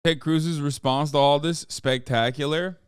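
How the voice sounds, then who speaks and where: Brief: sarcastic male streamer in his thirties, smooth voice, dry close sound. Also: a little high, steady tone, a little slow, no echo. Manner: sarcastic, profane, rambling. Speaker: streamer reacting to news. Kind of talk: casual political commentary.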